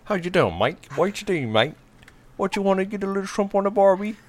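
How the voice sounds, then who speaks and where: A man's voice: high-pitched, big pitch swings, brisk, noisy background, voice pushed up. A man putting on a hammy Australian bloke. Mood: joking. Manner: broad, joking, sing-song. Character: jokey Australian bloke, exaggerated accent.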